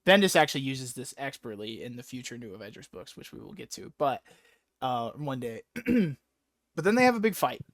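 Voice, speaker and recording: A man hosting a casual chat, talking fast and excitably, swearing and acting out characters' lines, his throat a bit sore. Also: mid-range voice, no echo, studio quality. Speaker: podcast host.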